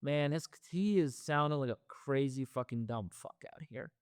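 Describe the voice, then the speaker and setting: A man's voice: medium pitch, moderate pace, clean tone, no room sound, clean studio sound. A man hosting a wrestling reaction show, ranting heatedly with lots of profanity and repeated phrases. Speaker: wrestling commentary host.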